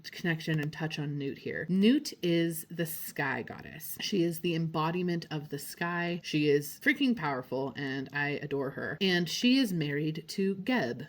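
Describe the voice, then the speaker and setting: A low-voiced woman narrates a travel vlog as a psychic tour guide. She talks in a casual, gushing way and drops in slang and fillers. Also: lively intonation, unhurried, hardly any pauses. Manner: chatty and enthusiastic, with frequent "like" and slang.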